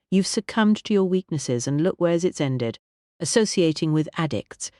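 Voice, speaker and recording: A woman's voice: deep voice, warm tone, no room sound, clean studio sound. A man voicing an imperious elderly aristocratic lady who talks in a commanding, theatrical way. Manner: commanding, brisk, dramatic.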